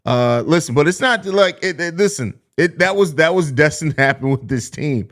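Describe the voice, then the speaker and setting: Male podcast host, casual and profane, snaps back at chat with sarcasm; voice sits a bit high. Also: moderate pace. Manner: blunt, profane, sarcastic, animated. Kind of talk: casual live-stream sports talk.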